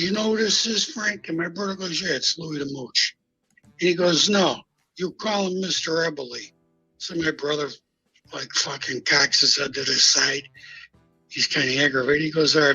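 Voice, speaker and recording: A man's voice: fairly high pitch, sharp tone, slightly rough, rough recording. An older man, a guest on a live stream, tells a street story bluntly and profanely, acting out each exchange of dialogue. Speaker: guest recounting mob history.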